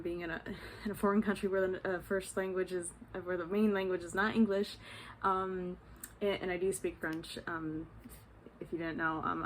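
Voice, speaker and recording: A woman's voice: mid-range voice, a little hiss or hum. A woman from the United States recording a casual travel vlog at home, chatty and full of fillers, swearing freely. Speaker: travel vlogger.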